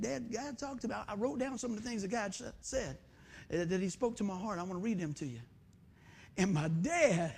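A man preaching a sermon as pastor, energetic, with loud bursts and quiet asides. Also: high-pitched.

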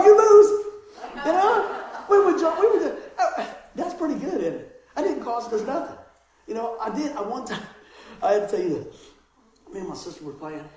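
A middle-aged man, a pastor, preaching a sermon and telling a childhood story, animated and laughing, with voices for the people in it. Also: very high voice. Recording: very echoey hall.

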